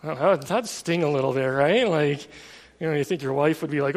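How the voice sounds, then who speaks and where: A man with a high voice preaches in a relaxed, chatty manner, telling the story as if talking to friends. His words ring out with a long reverb, as in a large hall. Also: normal speed. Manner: casual storytelling with fillers like "like" and "kind of". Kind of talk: conversational sermon.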